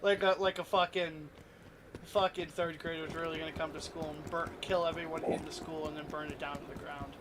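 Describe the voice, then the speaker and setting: A man's voice: on the high side, little pitch movement, fairly quick, noisy background. A man in his thirties streaming a game, talking in a brash, profane, casual way. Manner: brash, profane, laughs at own stories. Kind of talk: casual chat while gaming. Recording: loud game gunfire over the voice.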